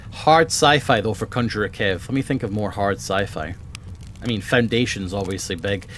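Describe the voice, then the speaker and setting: A man's voice: on the low side, normal speed, fairly bright tone, a little hiss or hum. A man streaming from a home room full of bookshelves, chatting casually and enthusiastically about books and swearing freely. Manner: rambling and enthusiastic, swears often.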